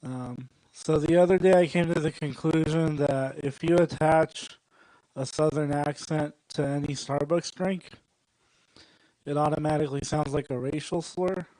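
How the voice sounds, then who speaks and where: A young man doing a stand-up set at a comedy club, rambling and working the crowd with deadpan asides. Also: fairly high pitch, normal speed, no room sound, poor audio.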